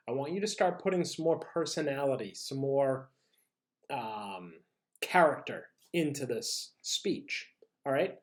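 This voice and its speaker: A teacher giving an upbeat online lesson, leading face and voice warm-ups with encouraging check-ins. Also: mid-range voice. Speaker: drama and language teacher.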